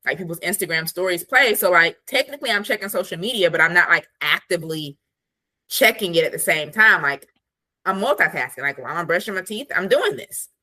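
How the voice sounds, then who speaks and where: Woman, podcast guest, coach, deep voice, sharp tone, casual rambling chat. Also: a little fast. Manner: chatty, lots of "like", animated asides.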